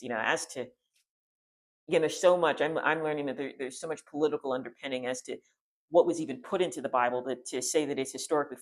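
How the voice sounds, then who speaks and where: A man's voice: medium pitch, a bit bright. A man giving a casual, rambling spiritual talk, full of restarts and fillers, retelling a scripture story. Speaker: spiritual teacher.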